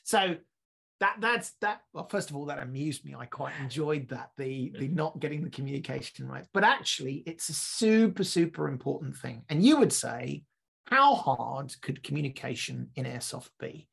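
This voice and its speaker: A man co-hosting a podcast, telling stories in a lively, casual way and often restarting and repeating words as he thinks. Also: a little high, normal speed, creaky, breathy edge. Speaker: podcast co-host.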